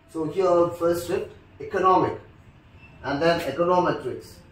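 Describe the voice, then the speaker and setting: A man with an Indian English accent teaching a lesson on word stress, speaking deliberately and repeating each example word. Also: fairly high pitch, a little mellow. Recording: echoey room, distant mic.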